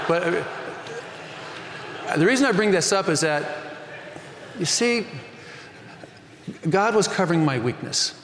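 A man's voice: mid-range voice, lively intonation, moderate pace, pauses often, fairly bright tone. A man in his fifties, a pastor preaching a sermon with earnest storytelling and rising emphasis. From Northern California. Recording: echoey hall reverb.

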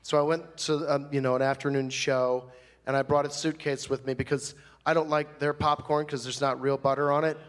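Speaking fairly quickly in a slightly high, natural voice with flat delivery, a comic stays in character during a live comedy monologue. Into a stage mic, he plays a fussy, flamboyant chatterbox who rambles gossipily and prissily about a grievance.

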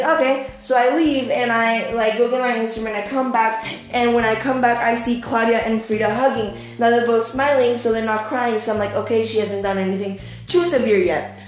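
A teenage girl tells a story-time vlog, rambling and filling every gap with "like" while she acts out quotes in a voice that jumps higher. Her voice sits a bit high for a woman. The room around her is echoey, with faint music underneath. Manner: rambling, full of "like" fillers. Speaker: vlogger.

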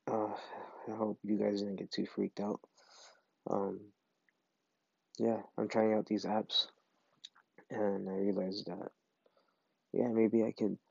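A man's voice: fairly low pitch, gravelly, darkish tone, husky, no echo, muffled recording. A man hosting a casual solo podcast from his bed, rambling with many fillers and hesitations. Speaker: podcast host. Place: bedroom, in bed.

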